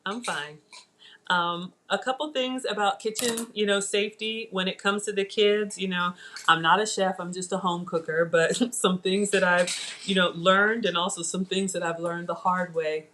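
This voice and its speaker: A woman's voice: on the low side, steady tone, moderate pace, bright, forceful tone, slight background noise. A middle-aged woman hosting a casual live cooking demo from her home kitchen, talking to viewers in a chatty, digressive way. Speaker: cooking show host.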